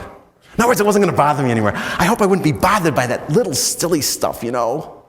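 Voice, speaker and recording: An American man, a priest, telling stories in a chatty, self-mocking retreat talk full of "you know"s, and often breaking into animated high swoops. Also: fast talker, big-room sound. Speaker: priest giving a spiritual talk.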